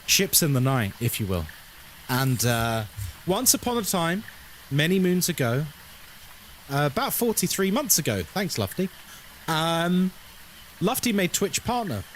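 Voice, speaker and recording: A male streamer chatting to his viewers in a joking, sarcastic, rambling way, with a lively, swooping voice pitched somewhat high. Faint background noise sits under his talk. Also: unhurried, long pauses. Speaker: live streamer. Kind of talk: casual live-stream chat.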